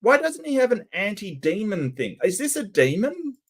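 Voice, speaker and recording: A reaction video host gives casual, sarcastic commentary over a video he's watching, at a moderate pace. He rambles and restarts often, his pitch rising and falling in a lively way.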